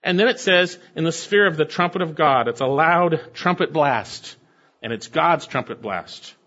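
A man with a fairly high voice preaches verse by verse. He drives his points home with emphasis and puts rhetorical questions to the room. The recording is dull and lo-fi. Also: lively intonation, moderate pace, fairly bright tone. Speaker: pastor. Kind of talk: expository sermon.

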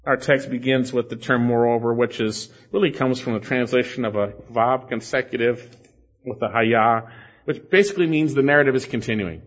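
A man's voice: medium pitch, moderate pace, dull audio. A man preaching an expository Bible sermon as a pastor, emphatic and repeating key phrases for stress.

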